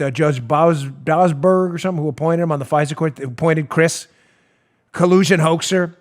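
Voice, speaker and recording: A male talk show host ranting about politics with animated sarcasm, often laughing mid-rant. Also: a little high.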